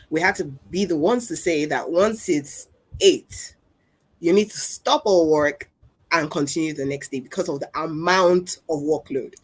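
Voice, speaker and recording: A woman from Nigeria telling lively stories about work as a guest on a webinar panel, over a video call. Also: low voice, husky. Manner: animated storytelling, quoting people. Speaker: guest speaker, advertising creative.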